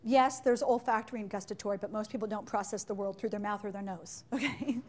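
A woman leading a live leadership and sales workshop in a meeting room, chatty and playful, with quick asides and acted-out examples. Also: medium pitch, darkish tone. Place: meeting room with window blinds.

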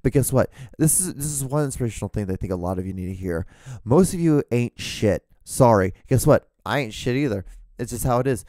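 A man's voice: medium pitch, mellow, no room sound, clean studio sound. A man hosting his own solo podcast, rambling through blunt, profane rants, with his voice starting to go. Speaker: podcast host.

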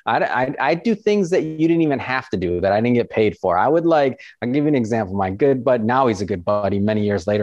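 A man's voice: on the low side, no room sound. Chatty man, dry lo-fi recording. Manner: animated storyteller, many fillers and restarts, acts out quoted excitement. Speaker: podcast host and author, interview guest. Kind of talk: casual interview chat. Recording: dry, dull lo-fi sound.

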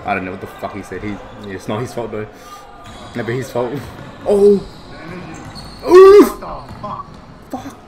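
A young man giving excitable, foul-mouthed reaction commentary. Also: fairly low pitch, a little fast, crowd noise. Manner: excitable, swears a lot, bursts of shouting. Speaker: vlogger reacting to basketball footage.

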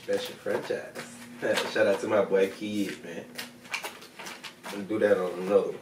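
A man's voice: lowish voice, steady tone, normal speed, reverberant, far from the mic, background noise. A man hosting a vlog, chatting casually and profanely straight to his viewers in heavy slang while he reviews what he is smoking. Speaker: video host reviewing smoking products.

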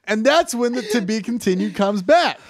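A man's voice: high-pitched, animated, moderate pace, no echo, clean studio sound. A man co-hosting a comedy podcast, joking loosely and acting out imagined scenes in casual chat. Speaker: podcast co-host.

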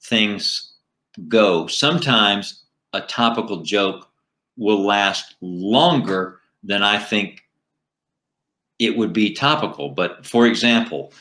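A middle-aged man, a comedian and ventriloquist, telling animated anecdotes in a casual interview. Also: lowish voice, slow pace.

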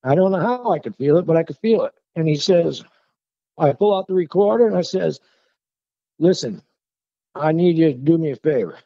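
A man tells his story in a loose, animated, conversational way. His voice has a gravelly rasp. The sound is dull and lo-fi, and the recording is close and dry. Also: a little high, moderate pace, long pauses, no room sound. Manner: animated, conversational, working-class phrasing. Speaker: guest telling his encounter. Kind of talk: casual storytelling to a host. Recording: dull lo-fi call audio.

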